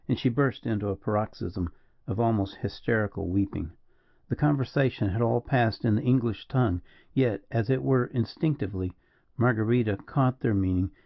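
Male audiobook reader, gravelly, dull dry recording, measured dramatic delivery. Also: mid-range voice, no room sound. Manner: measured, dramatic reading that voices each speaker. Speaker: audiobook narrator. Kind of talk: scripted narration of a classic novel.

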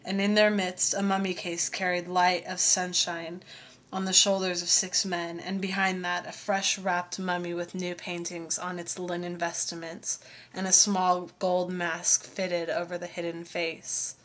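A woman reading a story aloud as narrator, in a measured, steady manner. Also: on the low side. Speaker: audiobook reader.

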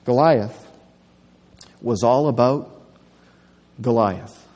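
Animated preacher in a reverberant church. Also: male voice, medium pitch, very slow. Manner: animated storytelling, acting out quotes. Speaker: pastor. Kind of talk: sermon. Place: church sanctuary.

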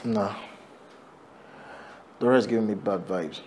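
Worried husband, Nigerian accent, casual confiding talk, faint background noise. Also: male voice, on the low side, takes it slowly. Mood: uneasy. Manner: uneasy, confiding, colloquial.

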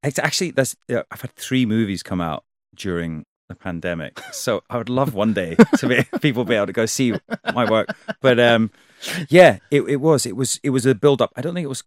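A man being interviewed about his acting work, talking in halting bursts with many restarts and frequent laughs. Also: mid-range voice, expressive, dry recording, studio quality. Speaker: actor guest. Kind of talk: casual interview chat.

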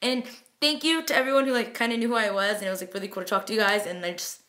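Late at night, a young woman vlogger recaps a TV episode in a rapid-fire, fairly high, sharp voice with fairly even intonation. She gushes while sounding tired, peppering her chatter with "like" and paraphrased quotes.

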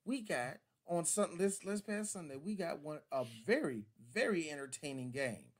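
Sports podcast guy, kinda high voice, goofy, keeps doing bits. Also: normal speed. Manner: animated, laughs often, acts out quoted voices. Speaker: podcast co-host. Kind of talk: casual sports chat.

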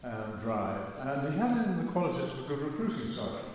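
A man's voice: mid-range voice, big pitch swings, background noise. Older man telling a story in an echoey church. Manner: wry, self-mocking, measured. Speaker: speaker giving a testimony talk. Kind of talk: storytelling talk.

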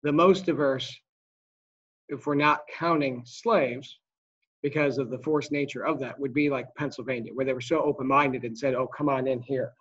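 A man teaching a history lesson to a small class in a conversational way, with asides and quick restarts. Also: medium pitch, steady tone, a bit bright, breathy edge, lo-fi sound. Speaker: high school history teacher. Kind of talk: classroom lecture.

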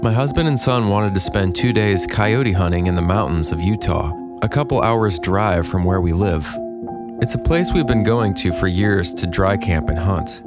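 A man co-hosting a podcast, reading a listener's story aloud with expressive storytelling delivery. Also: low-pitched, normal speed, loud music behind the voice. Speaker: podcast co-host.

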